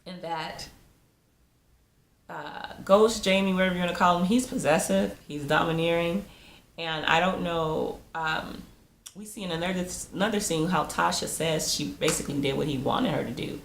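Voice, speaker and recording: Speaking at a normal speed in a fairly low voice, a woman casually runs through a TV episode, laughing a lot and performing the characters' dialogue. She reviews TV episodes, and the audio carries roomy echo plus a faint hiss or hum.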